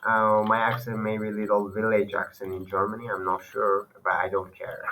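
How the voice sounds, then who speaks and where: A man's voice: on the low side, fairly even intonation, normal speed, bright, forceful tone, low-quality recording. Hesitant man. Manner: hesitant, many fillers and self-corrections. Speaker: language learner teaching online. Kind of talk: casual screen-share lesson.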